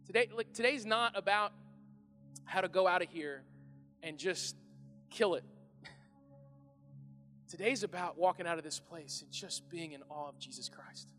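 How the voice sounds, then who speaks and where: Animated pastor with a bright, high voice. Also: male voice, normal speed, pauses often. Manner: animated and conversational, shouting at times. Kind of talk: sermon. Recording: echoey hall with faint music.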